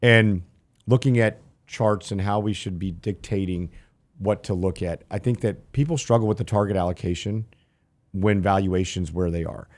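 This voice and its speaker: A man's voice: deep voice, moderate pace, darkish tone. A man co-hosting a finance talk show, asking rambling questions with lots of fillers. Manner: rambling, many fillers, joking. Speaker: show co-host.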